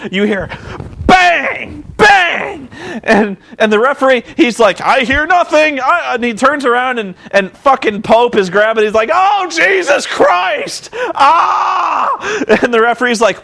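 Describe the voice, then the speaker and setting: A man giving a casual, sarcastic wrestling recap, swearing freely and acting out scenes. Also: high voice. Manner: excitable, profane, sarcastic, acts out scenes. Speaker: vlogger reviewing wrestling. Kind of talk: casual commentary.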